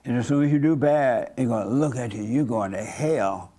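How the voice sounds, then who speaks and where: A warm, mid-range male voice at normal speed belongs to a pastor running an informal service. Blunt and folksy, he chats with his congregation and coaxes them into answering.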